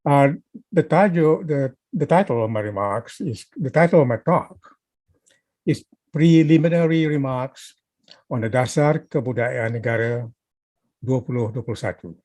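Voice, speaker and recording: A man, a professor reading a prepared lecture slowly and deliberately, like a newscaster. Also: medium pitch, darkish tone, dry recording. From Malaysia. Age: 70s.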